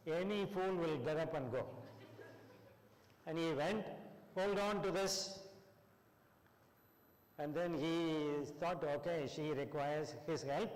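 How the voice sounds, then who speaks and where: A man's voice: on the high side, unhurried, a little mellow. A man with an Indian English accent giving a classroom lecture on counselling, quizzing the students and acting out quotes. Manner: asks the class questions and acts out quotes. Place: college classroom. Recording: long hall reverb.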